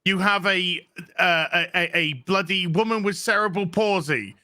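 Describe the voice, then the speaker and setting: A man's voice: high-pitched, moderate pace, sharp tone, no room sound, clean studio sound. A man co-hosting a casual podcast chat, ranting sarcastically and swearing often. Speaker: show co-host.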